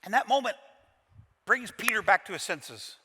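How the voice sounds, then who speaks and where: A man's voice: high-pitched, lively intonation, moderate pace, bright, forceful tone, husky. A man from Kentucky preaching a sermon as pastor, retelling the scene dramatically with folksy humor. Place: large church auditorium. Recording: reverberant church hall.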